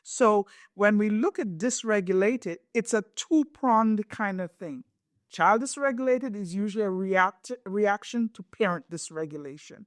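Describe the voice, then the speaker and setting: A woman's voice: mid-range voice, a little slow, no echo, studio quality. A middle-aged woman hosting a podcast, explaining in a reflective, conversational way and often checking in with "right?". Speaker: podcast host.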